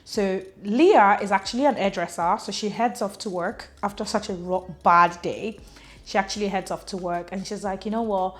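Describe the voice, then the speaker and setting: A woman's voice: medium pitch, normal speed. A woman recapping a thriller novel in a chatty way, full of "like" and acted-out quotes. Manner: chatty, fills speech with "like", acts out quotes. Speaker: book reviewer. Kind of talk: casual book recap.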